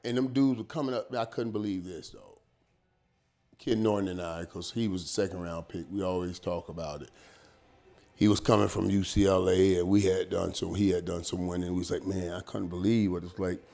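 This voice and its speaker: Animated slangy man telling stories. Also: low-pitched, fairly quick, gravelly. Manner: animated, slangy, repeats words and acts out quotes. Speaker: guest. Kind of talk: casual storytelling.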